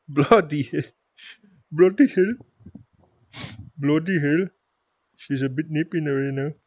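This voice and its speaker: A man's voice: a little high, slow, darkish tone, no echo, highs cut off, pitched above the performer's own voice. A man putting on a brash, drawling Australian bloke for a laugh on his stream. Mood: playful.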